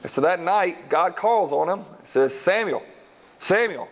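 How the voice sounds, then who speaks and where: A man preaching in church, telling Bible stories and acting out the characters in quick voices. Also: fairly high pitch. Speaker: pastor. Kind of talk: sermon.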